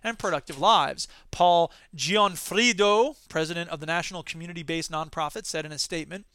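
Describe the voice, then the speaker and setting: A man's voice: a little high, brisk, few pauses, bright, forceful tone, smooth, dry recording, clean studio sound. A male host reading news stories and breaking in with sarcastic comic asides. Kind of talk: comedic news commentary.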